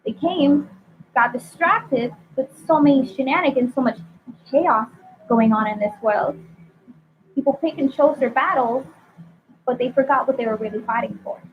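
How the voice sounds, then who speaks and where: A high-pitched woman hosts a spiritual chat, posing question after question in a preachy tone. Her voice comes through a tinny, phone-like line with a faint hiss behind it. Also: moderate pace. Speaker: host. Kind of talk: casual spiritual talk.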